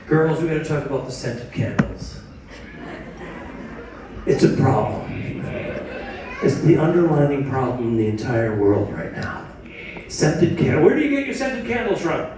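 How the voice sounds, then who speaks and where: A man's voice: fairly high pitch, very animated, a little slow, pauses often. A man doing stand-up comedy, self-deprecating and chatty with the crowd. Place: cruise ship theater. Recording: echoey hall, distant mic, audience noise.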